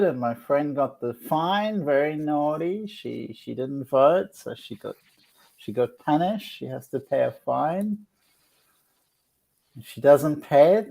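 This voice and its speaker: A man living in Australia, hosting a relaxed chat as a psychic, earnest and often restarting his phrases. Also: mid-range voice, creaky. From born outside Australia. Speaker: psychic host. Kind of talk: casual chat.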